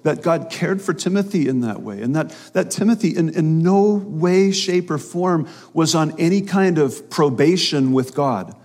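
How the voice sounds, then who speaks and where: A man's voice: a little high, expressive, normal speed, hardly any pauses, slightly rough. A man preaching a sermon, emphatic and fond of repeating phrases for stress. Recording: long reverb of a hall.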